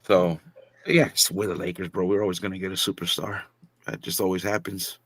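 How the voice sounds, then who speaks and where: A man's voice: low voice, level tone, a little fast, no echo, clean studio sound. A man in a casual podcast chat, laid-back, calling people bro and dude. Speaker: podcast co-host.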